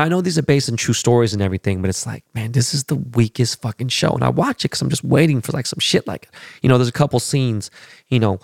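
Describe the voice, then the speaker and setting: A man's voice: on the low side, gravelly, a little mellow, dry recording, studio quality. A man hosting a podcast, talking in a casual, profane, rambling way with blunt opinions. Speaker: podcast host. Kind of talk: casual chat.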